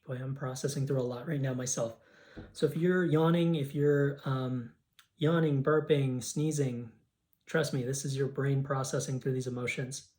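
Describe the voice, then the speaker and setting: A man's voice: medium pitch, steady tone, normal speed, dark tone. A man coaching a guided tapping session, voicing grief affirmations aloud for the listener to repeat. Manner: leads scripted affirmations, speaks emotions aloud.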